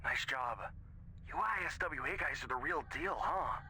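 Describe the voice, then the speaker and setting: A man's voice: high-pitched, very animated, a little slow, sharp tone, slight background noise, heavily acted. A man voicing a flustered young man in a game, stammering through a bad put-on Italian accent. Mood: relieved.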